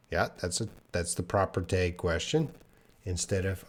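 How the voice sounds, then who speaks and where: A man teaches English in a live online lesson, reading questions from the chat and correcting them patiently. His voice is lowish and expressive, and he speaks slowly and clearly for his learners, though he sounds tired.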